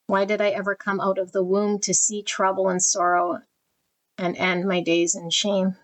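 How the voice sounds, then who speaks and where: Slow, tender-voiced woman reading cards. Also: mid-range voice, poor audio. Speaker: tarot deck reviewer. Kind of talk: reading card texts aloud in a deck flip-through.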